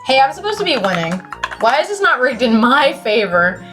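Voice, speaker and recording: A teenage woman streaming, chatting casually and excitably, cursing often and swinging from loud outbursts to mumbles. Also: sits high, moderate pace, over music. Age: late teens. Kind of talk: casual chat.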